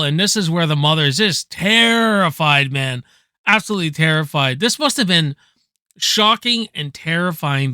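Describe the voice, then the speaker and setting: A man casually ranking favorite movies, rambling excitedly, swearing freely and tossing in "man" at every turn. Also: fairly high pitch, dry recording, clean studio sound. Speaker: movie reviewer. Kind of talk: casual enthusiastic movie countdown.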